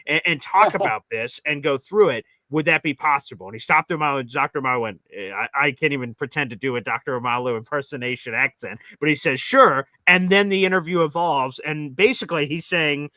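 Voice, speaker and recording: Animated bright-voiced sports talk host. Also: male voice, fairly high pitch, fairly quick, hardly any pauses, dry recording, poor audio. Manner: animated storyteller acting out quotes. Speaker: podcast host. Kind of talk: casual sports talk storytelling.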